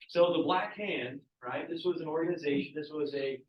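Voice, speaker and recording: A male teacher with a medium-pitched, fairly even voice gives a casual history lecture briskly, hardly pausing, and quizzes his class as he goes. There's a little hiss or hum, and the classroom recording is echoey, distant, and muffled.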